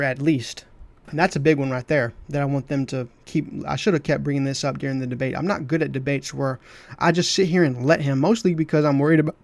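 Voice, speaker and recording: A man's voice: medium pitch, a little mellow, dry recording. Emphatic man, dry close sound. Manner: emphatic, repeats phrases for stress. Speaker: commentator reacting to his debate. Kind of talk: heated commentary over a clip.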